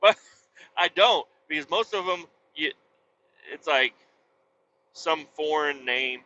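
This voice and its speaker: A man with a bright, forceful, slightly high voice talks casually from the cab of his truck. He rambles bluntly and swears freely. The audio is dull and lo-fi, with faint road ambience behind him. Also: expressive, takes it slowly, slight background noise. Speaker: trucker vlogger. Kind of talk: casual chat while driving.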